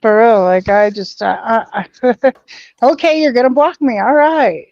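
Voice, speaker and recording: A woman's voice: on the high side, measured pace, creaky, dry recording. A woman hosting a casual online voice chat, swearing freely, stumbling over restarts and laughing things off. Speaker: host. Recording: dull lo-fi sound.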